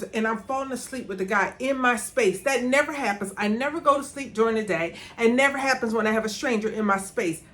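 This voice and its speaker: A woman's voice: a little high, a bit bright. A middle-aged woman telling a personal story as a motivational vlogger, talking from a room at home and repeating words for emphasis.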